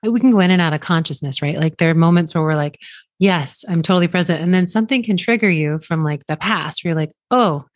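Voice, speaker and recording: A woman's voice: sits low, fast talker, hardly any pauses, dry recording, clean studio sound. A woman casually telling stories as a guest speaker, laughing often and acting out what people said. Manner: animated, laughs often, acts out quoted lines. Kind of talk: casual storytelling.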